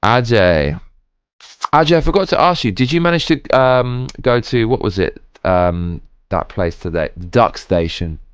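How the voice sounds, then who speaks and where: Brief: drunk male game streamer, lower voice, smooth and resonant, animated rambling delivery, dry close sound. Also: normal speed, no echo. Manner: rambling, swearing, chatty. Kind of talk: casual live-stream chat.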